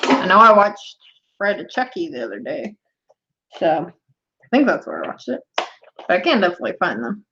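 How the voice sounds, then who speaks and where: Lively young woman chatting on stream. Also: on the low side, normal speed, gravelly, pauses often, background noise. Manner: chatty, laughs often, talks to chat. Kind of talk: casual live stream chat. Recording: dull lo-fi stream audio.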